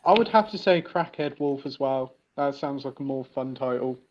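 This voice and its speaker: A man joining a livestream as a guest, calm and easygoing, over dull lo-fi call audio. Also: medium pitch, normal speed, noisy background. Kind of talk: casual livestream chat.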